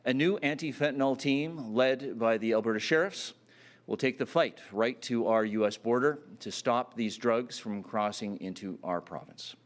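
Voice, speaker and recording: A man giving a campaign speech at a public announcement, earnest and full of fillers and restarts. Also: mid-range voice. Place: announcement event.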